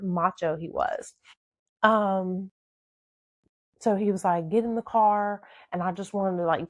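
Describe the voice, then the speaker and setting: A woman's voice: lowish voice, dry recording. Candid woman telling her life story. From southern United States. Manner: candid, rambling, many fillers. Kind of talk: casual personal storytelling.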